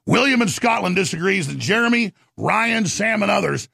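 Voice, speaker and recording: A man hosting a radio talk show, ranting and shouting through a heated political monologue in a gravelly voice. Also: high-pitched, animated, dry recording, studio quality. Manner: ranting, shouting, rapid-fire.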